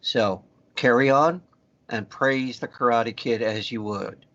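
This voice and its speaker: Man, podcast co-host, jokey, mock-solemn, mid-pitched voice, muffled lo-fi audio. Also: slow, a bit bright. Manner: joking, laughs easily, mock-solemn. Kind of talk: casual chat.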